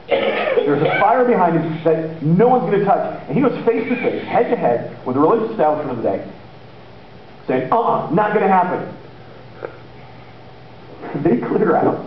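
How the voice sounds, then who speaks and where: A high-voiced man preaches in a church with a casual, animated storytelling style, slipping into the voices of the people he describes. The sound is dull and lo-fi, and it rings heavily around a big echoey room with a faint hiss underneath. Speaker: pastor. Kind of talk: sermon.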